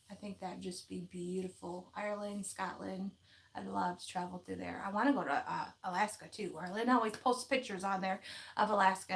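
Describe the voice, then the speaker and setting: A woman, chatting casually on a live craft stream, folksy and quick to laugh. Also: mid-range voice, a bit bright. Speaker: craft vlogger hosting a live chat. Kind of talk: casual live-stream chat, reading viewer comments.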